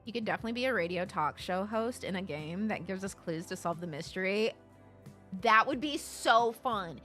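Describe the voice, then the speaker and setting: Young woman streamer, bright lively voice, laughs loud and jokes with chat. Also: normal speed, faint music behind. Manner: animated, swings from low mumbles to shrieking laughs; reads chat aloud and jokes with viewers. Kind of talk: casual live-stream chat.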